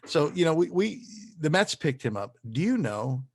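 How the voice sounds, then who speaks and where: A man co-hosting a casual sports chat, upbeat and quick to laugh. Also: on the high side, sing-song, slightly rough. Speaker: podcast co-host.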